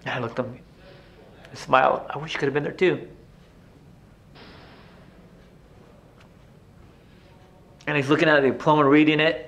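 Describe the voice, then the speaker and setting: An actor playing a haunted male inmate reliving his painful youth, telling it in a halting, emotional theatrical monologue with stammered restarts. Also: a little high, steady tone, gravelly, fairly bright tone, muffled recording. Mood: wistful.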